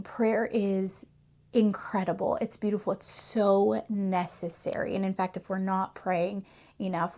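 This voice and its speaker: A woman's voice: medium pitch, warm tone. A woman host giving an earnest, reflective talk about faith and telling a parable. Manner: earnest and reflective, with occasional laughs. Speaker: faith coach and channel host. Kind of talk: faith teaching talk with storytelling.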